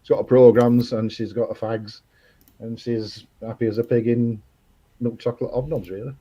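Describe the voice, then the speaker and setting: Man, jokey and opinionated, deep dark tone, muffled sound. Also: steady tone, moderate pace, breathy edge. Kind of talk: casual live-stream chat.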